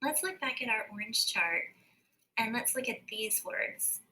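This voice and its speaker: A woman teacher giving a recorded phonics lesson, slowly and carefully sounding out words. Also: a little high, lively intonation, sharp tone, low-quality recording.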